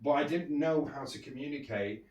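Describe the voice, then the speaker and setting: A man's voice: fairly high pitch, normal speed, a little mellow, reverberant, distant mic. A man with a British accent telling candid, rambling stories about his own childhood as a podcast host. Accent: British English. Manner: rambling and candid, with frequent restarts and chuckles. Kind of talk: candid personal storytelling.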